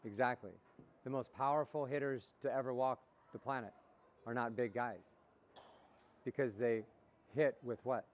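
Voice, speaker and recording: A man's voice: mid-range voice, steady tone, moderate pace, pauses often. Man coaching with call-and-response. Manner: call-and-response, asks questions and repeats answers. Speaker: baseball coach. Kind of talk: motivational talk to young players. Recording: dull lo-fi recording.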